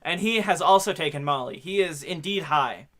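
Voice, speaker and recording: Young male podcast co-host, bright tone, playful, retells scenes in mock voices. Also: fairly high pitch, normal speed. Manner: joking, acts out quoted lines in mock voices. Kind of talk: casual chat recapping a movie.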